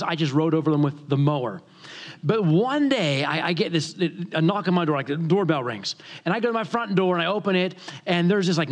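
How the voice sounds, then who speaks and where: A man from the northern United States preaching a sermon as pastor, telling a story with animated humor. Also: high-pitched.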